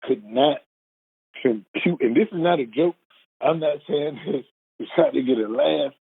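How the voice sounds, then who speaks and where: Husky-voiced man on a tinny line. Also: fairly high pitch, moderate pace. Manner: earnest, repeats words when moved, acts out quoted speech. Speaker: guest telling his life story. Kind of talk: emotional personal storytelling. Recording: phone-like narrow band.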